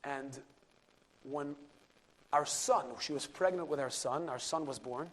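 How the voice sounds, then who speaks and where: Rabbi, lively storyteller, somewhat high voice, hushes for the punchline. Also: male voice, a little slow. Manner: animated storyteller, sprinkles Yiddish and Hebrew words, drops to a hush for key moments. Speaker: rabbi and lecturer. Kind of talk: storytelling Torah class.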